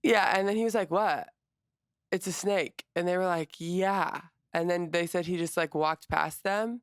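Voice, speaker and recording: A young adult woman co-hosting a casual podcast, retelling stories quickly with lots of quoted reactions. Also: fairly low pitch, no room sound, clean studio sound. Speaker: podcast co-host. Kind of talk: casual chat.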